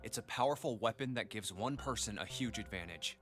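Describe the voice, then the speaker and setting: An earnest young game hero. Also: male voice, on the low side, fairly quick, faint music behind. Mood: serious. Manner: calm, reasoning, cautious. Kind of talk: video game voice acting.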